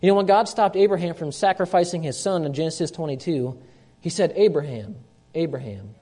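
Emphatic high-voiced male preacher. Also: fast. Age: young adult or middle-aged, a parent. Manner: emphatic preaching, repeats key lines, swings loud and soft. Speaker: pastor. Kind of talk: sermon.

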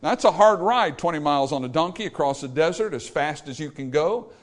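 A man's voice: on the high side, lively intonation, fairly quick. Folksy male preacher retelling scripture. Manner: retells scripture in plain folksy terms, reads verses in King James wording. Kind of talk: sermon.

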